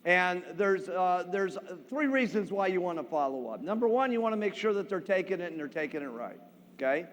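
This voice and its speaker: A man's voice: sits high, brisk. A man giving a motivational sales talk, telling stories animatedly and checking in with "okay?". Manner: animated storyteller, frequent "okay?" check-ins. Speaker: speaker. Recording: long hall reverb.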